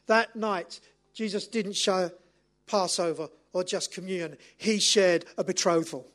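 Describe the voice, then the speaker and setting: A man leading communion in an impassioned sermon, firing off repeated rhetorical questions and swinging from loud declarations to hushed, almost whispered lines. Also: high-pitched, fairly even intonation, unhurried. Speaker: lay speaker leading communion.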